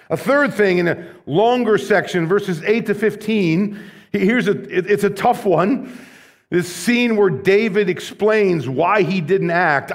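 A male pastor delivering a sermon in a notably high voice. His pitch rises and falls with lively movement as he mixes casual asides with rhetorical questions. When he reads scripture, the delivery rises in intensity. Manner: conversational asides and light humor.

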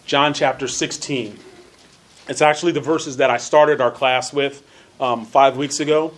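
A man teaching a church Bible class, earnest, repeating phrases for emphasis and reading scripture slowly with stressed words. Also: medium pitch, fairly even intonation.

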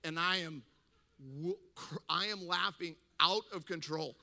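A man's voice: a little high, measured pace, vocal fry, in a large hall. A man preaching to a congregation, telling a funny story and acting out the people in it. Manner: animated, acts out the people in his story. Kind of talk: humorous storytelling sermon.

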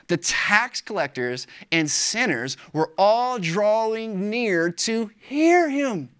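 A pastor preaching a sermon. The delivery is animated and emphatic, with casual slang. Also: medium pitch.

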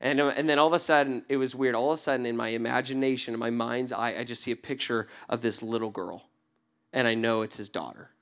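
With a medium pitch, a steady tone, and a fast delivery, a young adult male pastor shares a story in his sermon. He laughs a lot but drops his voice low and quiet for the gentle parts.

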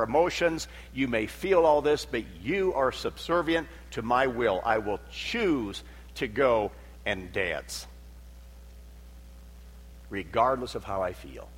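A man preaching a sermon in a voice of middling pitch. His delivery swells and drops for emphasis, and he acts out the voices he quotes. The sound carries a long hall reverb. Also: a bit bright, husky. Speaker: pastor.

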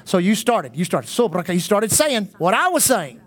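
High-voiced fervent preacher man. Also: sing-song, normal speed. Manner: fervent, calls out to congregation. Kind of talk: charismatic church service. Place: church service.

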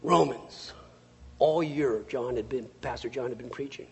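A man preaching a sermon, reading scripture and then telling stories in a lively, conversational way. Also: medium pitch, unhurried, creaky, breathy edge. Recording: long reverb of a large hall.

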